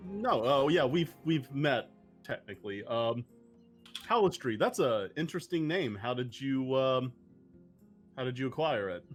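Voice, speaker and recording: Lively male tabletop player. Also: mid-range voice, unhurried, soft background music. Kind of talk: tabletop role-play.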